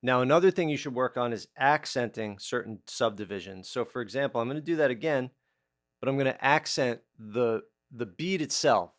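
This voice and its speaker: A man gives a casual guitar lesson in a brisk, expressive, mid-range voice, explaining rhythm and counting beats aloud as he plays. Loud guitar sits under his speech.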